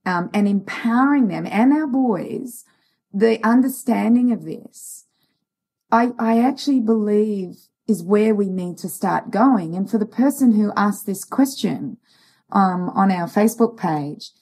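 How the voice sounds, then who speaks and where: Woman, warm gravelly tone, talks earnest and hesitant, lots of ums. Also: medium pitch, animated, measured pace. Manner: earnest, advising, with many fillers. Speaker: podcast co-host. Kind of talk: casual chat.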